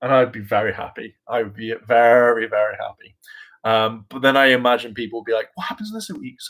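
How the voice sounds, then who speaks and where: An aspiring actor vlogs in a loose, rambling style, mocking himself, laughing, doing mimicked voices, leaning on fillers and swearing occasionally. His medium-pitched voice is fairly bright and flat, a little fast, and the audio quality is poor.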